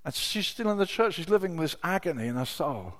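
A middle-aged man preaching a sermon, telling personal stories with emotion, dropping to a hush and then rising to loud exclamations. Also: fairly high pitch, big pitch swings, a little fast. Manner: emotional, swings from hushed storytelling to loud exclamation.

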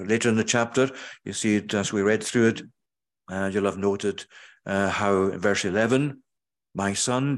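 Man preaching a measured sermon. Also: fairly low pitch. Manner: measured, with frequent hesitations and slow emphatic scripture quotes. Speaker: pastor.

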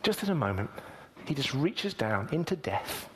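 A man preaching a sermon earnestly, moving between emphatic lines and hushed, near-whispered ones. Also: mid-range voice, big pitch swings, normal speed, slight background noise.

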